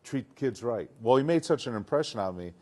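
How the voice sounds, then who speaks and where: An older man from Detroit, a retired football player, telling stories in a casual interview, animated and acting out what people said. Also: mid-range voice, brisk. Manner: animated, acts out quotes, laughs often.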